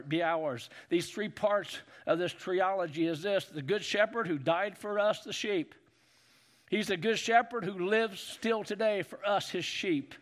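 A man preaching a sermon as pastor, calling on the congregation to answer and rising to shouts. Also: high voice. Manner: preachy call-and-response, building to shouts.

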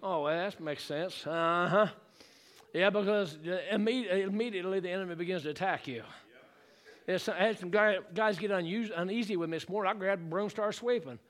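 A male pastor preaching a fervent sermon to his church. He calls for congregational responses and rises into shouted exclamations. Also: sits high, normal speed. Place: church sanctuary.

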